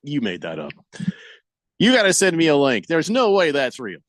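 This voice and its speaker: A man hosting a sports radio show, chatting in a wry, rambling way. His pitch swings widely as he talks. The studio sound is dry and close, with no room echo. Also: huge pitch swings, normal speed, a bit bright. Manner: rambling, wry, reads listener chat comments aloud. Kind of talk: casual sports radio chat.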